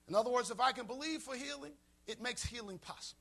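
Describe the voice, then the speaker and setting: A man's voice: very high-pitched, quick pace, gravelly, hardly any pauses, a bit bright. A man pastor preaching a sermon, repeating key lines for emphasis. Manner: preaching with call-and-response emphasis and repetition.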